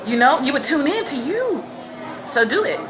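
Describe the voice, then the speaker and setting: A woman signs off her livestream in relaxed slang, laughing easily and slipping into preachy bursts. Steady background noise runs under her voice the whole time. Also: high voice, moderate pace, some chatter behind. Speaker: livestream host. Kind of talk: casual livestream sign-off. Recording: noisy ambience behind.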